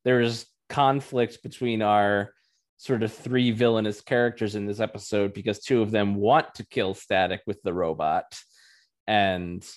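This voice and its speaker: A man's voice: lowish voice, fairly even intonation, unhurried. A man co-hosting a podcast, chatting casually and wryly with plenty of "uh"s. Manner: wry, joking, with frequent filler "uh". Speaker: podcast co-host. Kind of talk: casual podcast review chat.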